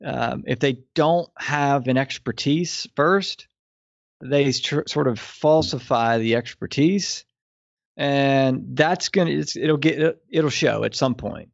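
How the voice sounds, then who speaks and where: A man from Louisiana tells stories as a guest in an interview, rambling and restarting his sentences as he goes. His voice sits at an everyday middle pitch. The recording is dry and a little dull, with no room sound. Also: slow pace, vocal fry, dry recording. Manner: rambling with many restarts, storytelling. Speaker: guest, business consultant. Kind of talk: conversational interview.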